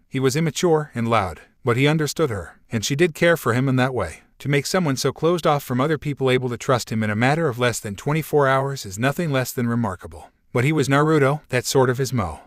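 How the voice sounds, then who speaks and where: A man reading a fan fiction story aloud in an even, unhurried storytelling manner. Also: medium pitch, dry recording, clean studio sound.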